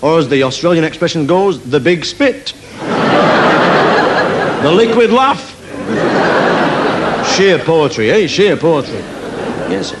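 Animated Mancunian comedian on stage. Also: male voice, fairly high pitch, slow pace, pauses often, a loud crowd. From Manchester, England. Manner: animated, jokey, telling anecdotes with put-on voices. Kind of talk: live stand-up storytelling. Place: large theatre stage. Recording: live theatre recording, faint hiss. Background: audience laughter.

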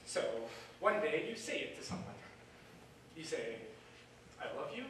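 A man's voice: on the high side, big pitch swings, a little slow, bright, forceful tone, slight background noise, full character voice. A young man acting as a lonely musical fan who confides in the audience, live on stage in a theatre. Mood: musing. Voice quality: wistful, confiding direct address. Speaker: stage actor. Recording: echoey theatre from far off.

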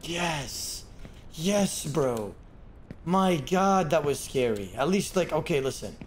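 Excitable streamer man prone to yelling. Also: a little high, slow pace, slight background noise. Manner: excitable, bursts into loud yelling and laughter; talks to himself and to chat. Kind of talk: live game streaming commentary.

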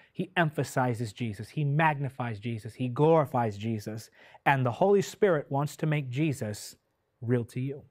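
A man's voice: medium pitch, no room sound. Impassioned preacher man, dry close sound. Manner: impassioned, swells loud then drops soft; slow, drawn-out delivery when stressing key words. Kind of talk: sermon.

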